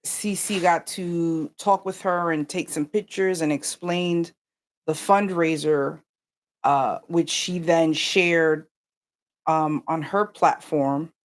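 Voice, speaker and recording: Animated woman storyteller, slightly low voice. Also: takes it slowly. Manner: animated storyteller, addresses viewers directly. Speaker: yarn company co-host. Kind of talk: casual livestream chat.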